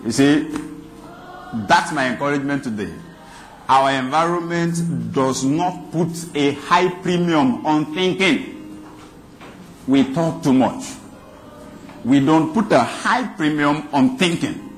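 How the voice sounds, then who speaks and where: A man's voice: a little high, takes it slowly, slight background noise. A man preaching a sermon, emphatic and repeating phrases for stress.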